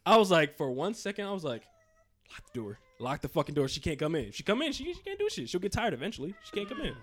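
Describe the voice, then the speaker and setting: Young man telling a story, very animated. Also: high voice, rapid-fire. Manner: animated, acts out scenes with sound effects and quoted voices; profane, slangy. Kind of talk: casual storytelling chat.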